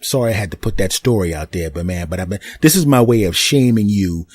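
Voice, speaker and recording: A middle-aged man from the US East Coast hosts a podcast, telling a rambling comic story with stammers, restarts, and put-on voices for quotes. His fairly low, darkish voice has lively intonation, a fast pace, and a breathy edge. The recording is dry and studio quality.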